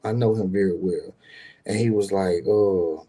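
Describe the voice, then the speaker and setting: A man's voice: low-pitched, fairly even intonation, measured pace, warm tone. A middle-aged man and business owner telling a personal story in a rambling, slangy way, swearing freely and talking straight to his viewers. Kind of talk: casual personal storytelling monologue.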